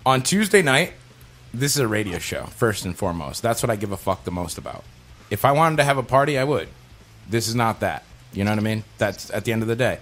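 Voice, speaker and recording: A man's voice: on the low side, sing-song, a little fast, a bit bright, soft background music. Blunt, swearing male radio host. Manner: blunt, emphatic, heavy swearing. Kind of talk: casual profane radio chat.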